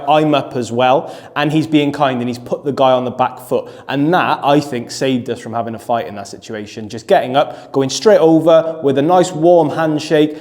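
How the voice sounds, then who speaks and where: A man's voice: medium pitch, a little mellow. A man from the UK, a self-defence instructor hosting, explaining steadily and checking in with his listeners. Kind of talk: instructional chat to camera. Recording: long reverb.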